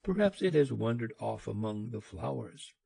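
A man's voice: medium pitch, lively intonation, moderate pace, vocal fry, breathy edge, dry recording, heavily acted. A man voicing a tearful young girl. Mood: worried. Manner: soft, worried.

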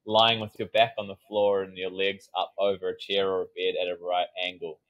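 A man's voice: low voice, little pitch movement, brisk, muffled recording. A man, a sobriety coach, telling a personal story in a casual podcast interview, acting out his inner dialogue and swearing casually.

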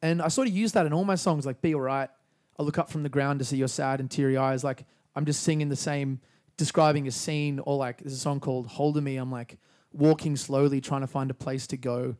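A young man with an Australian accent, a musician guest talking in a relaxed, rambling way with lots of fillers. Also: medium pitch, fairly quick. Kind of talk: casual interview chat.

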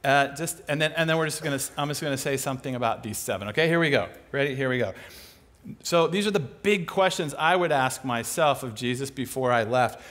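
A man preaching a sermon in a lively, conversational way, acting out quoted voices as he goes. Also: mid-range voice, fairly quick. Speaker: pastor.

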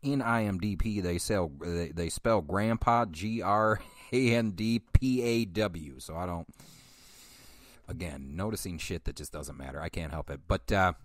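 Deep-voiced man rambling through a film review. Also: a little slow, no echo, clean studio sound. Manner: self-deprecating, profane, chuckling asides. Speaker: podcast host reviewing a film. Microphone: studio microphone.

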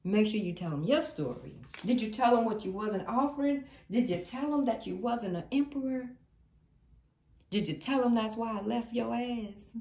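A woman's voice: mid-range voice, expressive, moderate pace, a little mellow. A woman doing a casual tarot reading for viewers. She talks in a sassy, emphatic way, repeats her lines and breaks into laughter. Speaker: tarot reader. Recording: roomy sound, distant from the mic.

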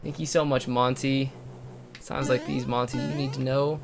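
A man live-streaming a video game, chatting with his viewers and gushing thanks, sometimes bursting into shouts. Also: mid-range voice, little pitch movement, normal speed. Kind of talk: live-stream chat while playing. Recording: background music under voice. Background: game music.

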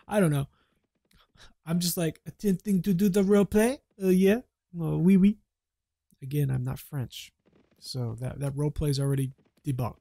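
A man's voice: fairly high pitch, moderate pace, creaky, mellow, no room sound. A man giving casual, playful commentary while playing a game, chatting and dipping into mock role-play. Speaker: gameplay commentator.

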